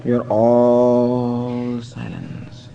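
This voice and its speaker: Man playing a serene, slow-spoken swami. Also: medium pitch, gravelly, slight background noise, pitched below the performer's own voice. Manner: slow, calm, drawn out. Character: serene old male swami, unhurried. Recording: dull lo-fi hall recording.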